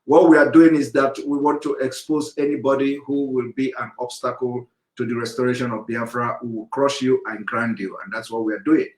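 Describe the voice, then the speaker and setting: A man's voice: mid-range voice, fairly even intonation. Firm male host in an echoey room. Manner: firm, measured, interjecting. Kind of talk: online talk program hosting.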